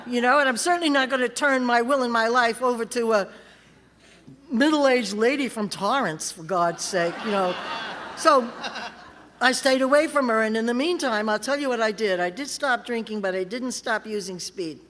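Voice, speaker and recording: A woman's voice: fairly high pitch, moderate pace, fairly bright tone, a little hiss or hum. A woman from California telling her recovery story to a convention audience, blunt and wry, acting out the voices of people she quotes. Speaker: recovery meeting speaker. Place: large convention hall. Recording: reverberant convention hall.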